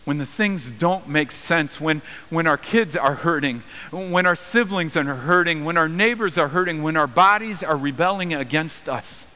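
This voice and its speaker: Male pastor preaching, earnest, fairly high voice, reverberant hall. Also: normal speed, hardly any pauses, pushed and bright. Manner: earnest, rises in pitch for quoted voices. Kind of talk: sermon.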